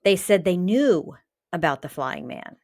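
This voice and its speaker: A woman's voice: fairly low pitch, unhurried, creaky, dry recording. Wry woman podcast storyteller, dry sound. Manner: wry, deadpan jokes while telling the story. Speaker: podcast co-host. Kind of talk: casual storytelling chat.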